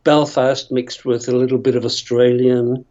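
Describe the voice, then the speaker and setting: A man's voice: mid-range voice, little pitch movement, moderate pace, darkish tone, lo-fi sound. An older man from Northern Ireland, an actor telling long, rambling stories with many tangents and chuckles. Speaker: actor guest. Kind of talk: storytelling interview.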